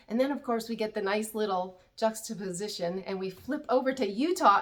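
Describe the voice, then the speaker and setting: A woman's voice: on the high side, brisk, hardly any pauses. A woman hosting a YouTube recap channel, chatting candidly and with opinions about a reality TV show. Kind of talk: casual chat.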